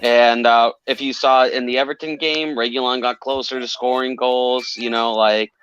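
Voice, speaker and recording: A man's voice: mid-range voice, steady tone, moderate pace, fairly bright tone, smooth, dry recording, soft background music. A man co-hosting a casual call-in show, talking in a chatty, rambling way with lots of fillers and restarts. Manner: chatty, repeats himself, many fillers. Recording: dull lo-fi sound.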